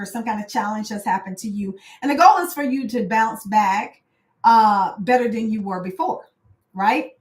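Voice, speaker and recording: A woman life coach giving a casual, conversational motivational talk, often checking in with "right?" and "y'all". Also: on the high side. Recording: roomy echo.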